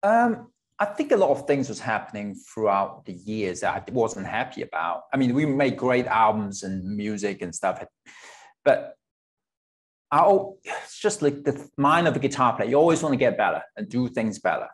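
A man's voice: mid-range voice, sing-song, moderate pace. A man in his forties from Hong Kong, a guest guitarist in a casual interview, speaking candidly, swearing now and then and laughing between thoughts. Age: 40s.

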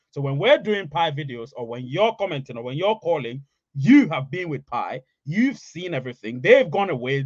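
A man's voice: on the high side, dry recording. Emphatic man hosting a live chat. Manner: emphatic, repeats phrases for emphasis. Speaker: livestream host. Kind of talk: casual live chat, reading comments. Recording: dry, slightly dull audio.

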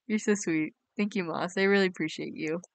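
A woman's voice: on the low side, fairly quick, no echo. A young woman, chatting casually on a game live stream and reading her chat aloud in a bubbly way. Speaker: game livestreamer.

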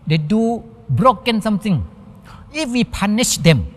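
In this sermon, a male Thai-speaking Buddhist monk preaches with a high, spirited voice. His English is basic and hesitant, he performs small exchanges between characters, and the hall around him echoes at length.

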